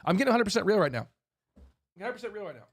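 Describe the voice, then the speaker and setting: A man with a fairly high voice rants in a heated monologue. He talks bluntly and profanely, hammers on repeated phrases, and stumbles into restarts as he gets more fired up. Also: big pitch swings, racing, slightly rough. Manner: fired up, forceful. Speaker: host.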